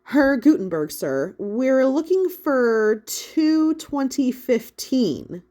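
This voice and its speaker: A woman's voice: sits high, big pitch swings, takes it slowly, warm tone, voice pushed up, heavily acted. A woman voicing a practical, organized boy who speaks matter-of-factly for an audiobook.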